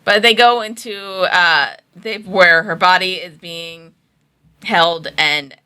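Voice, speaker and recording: A woman's voice: fairly low pitch, takes it slowly, bright, forceful tone, smooth. A woman co-hosting a casual review chat, recapping the plot loosely with many fillers. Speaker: co-host.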